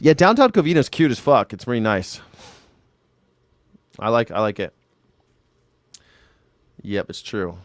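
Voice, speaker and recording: Profane, rambling man commentator, crisp and dry. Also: fairly low pitch, lively intonation, normal speed, long pauses, no room sound. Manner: rambling, profane, jokey, talks back to viewers by name. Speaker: independent news and culture commentator. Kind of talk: casual livestream commentary, reading chat. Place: home in Southern California.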